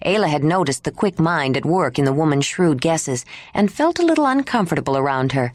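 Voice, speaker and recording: A woman reads an audiobook aloud with a low, animated voice. The sound is dry and close. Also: brisk, hardly any pauses, no echo. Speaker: audiobook narrator. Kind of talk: scripted narration.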